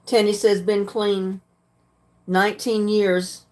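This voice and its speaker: A woman's voice: mid-range voice, flat delivery, takes it slowly. Frank older woman livestreaming. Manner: frank, plainspoken, clears throat often. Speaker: livestream host. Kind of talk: casual chat reading viewer comments.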